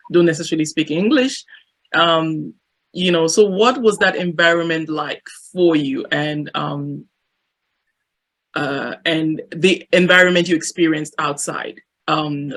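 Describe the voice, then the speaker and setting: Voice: mid-range voice, a bit bright. A podcast host interviewing a guest, asking several questions in a row. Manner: asks long strings of questions.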